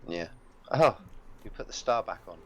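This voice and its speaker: A man with a lowish voice, speaking over voice chat with faint hiss behind him. He teases in a dry, deadpan way. The talk is casual banter between friends. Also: normal speed, highs cut off. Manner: dry, teasing prankster. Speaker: guest on voice chat.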